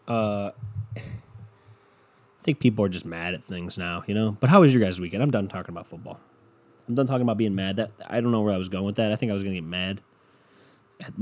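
A young man hosting a podcast, ranting casually and sarcastically about football with lots of swearing. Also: lowish voice. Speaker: podcast host. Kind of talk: casual sports rant.

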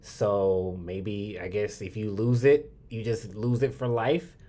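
A man co-hosting a podcast in casual chat, chatty and quick to laugh, swearing freely. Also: fairly low pitch, steady tone, dark tone. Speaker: podcast co-host.

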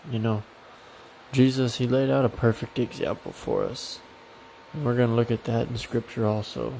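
A man's voice: mid-range voice, vocal fry, dark tone, slight background noise, rough recording. A man giving a casual, earnest sermon that grows fervent and insistent, repeating himself for emphasis. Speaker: preacher.

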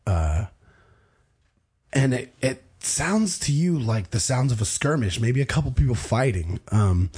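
Husky young man running a tabletop game. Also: mid-range voice, very animated, measured pace, darkish tone. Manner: loose, rambling, with many fillers. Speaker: game master.

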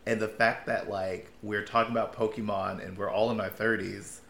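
A man's voice: on the low side, level tone, gravelly, a bit bright. Gushing, profane man in a roomy space. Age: late 20s. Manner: gushing and profane, quick to laugh. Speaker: podcast co-host. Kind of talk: casual chat.

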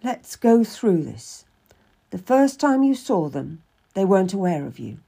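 A composed noble lady speaks in a measured, commanding way, as a woman reads her part. The voice is dark and mellow, with a gravelly, husky edge. It reads like a storybook character, steady and reassuring. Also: mid-range voice, full character voice. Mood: probing. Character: calm, firm noblewoman giving steady counsel.

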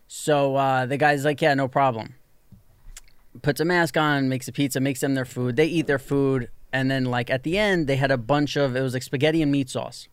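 A man spinning an animated anecdote for his co-hosts, tossing in "like" constantly and slipping into the voices of the people in his story. His pitch sits in an ordinary middle range. The sound is dry and close, with no room around it. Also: a little fast, few pauses, clear, resonant tone, no echo. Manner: animated storyteller, lots of "like", acts out quoted people. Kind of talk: casual storytelling chat.

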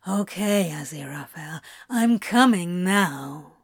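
A woman putting on Crowley, a smooth-voiced teasing demon. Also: on the low side, expressive, slow pace, no room sound, studio quality, voice pushed down, heavily acted. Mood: coaxing. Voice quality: rich, smooth.

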